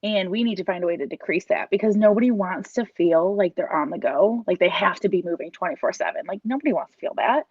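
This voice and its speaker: A woman's voice: mid-range voice, fast talker, hardly any pauses, darkish tone, breathy edge, no echo. Woman in her thirties, earnest parent testimonial, rambling restarts, dry close sound, dull lo-fi audio. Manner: earnest, rambling with restarts and quoted inner thoughts. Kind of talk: emotional personal story, casual.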